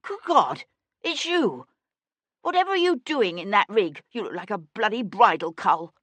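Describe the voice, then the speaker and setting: A woman voicing a frightened, spoiled young man who protests in a high, shaky voice. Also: sing-song, normal speed, a bit bright, dry recording.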